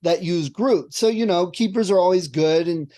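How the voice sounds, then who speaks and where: A man co-hosting a podcast, telling game-night stories in a lively, animated way and laughing as he goes. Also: sits high, normal speed. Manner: animated storyteller, acts out lines with laughs. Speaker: podcast co-host. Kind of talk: casual chat.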